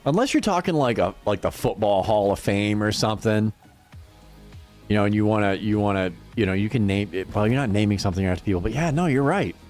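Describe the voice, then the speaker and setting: Faint music sits behind a man's lowish, expressive voice with a darkish tone and brisk pace. He streams a game and chats casually with his viewers, rambling, cursing freely and laughing often.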